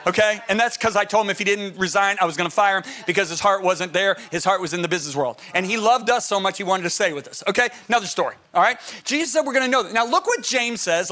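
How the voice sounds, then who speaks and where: A middle-aged man preaching a sermon as pastor, emphatic and animated, often asking his listeners questions. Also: sits high.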